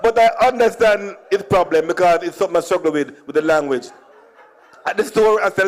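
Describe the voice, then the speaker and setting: A man from Jamaica with a clear Jamaican accent tells funny stories from his life as a conference speaker. He jokes easily and drops into Patois phrases, in a somewhat high voice. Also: animated, fairly quick. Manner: jokey, slips into Jamaican Patois. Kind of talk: humorous storytelling speech.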